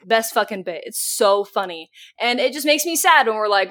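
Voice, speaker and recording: A young woman co-hosts a casual podcast in a mid-range voice. She rambles with enthusiasm, piles on fillers, and swears freely when something excites her. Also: mid-range voice, normal speed, few pauses. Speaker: podcast co-host.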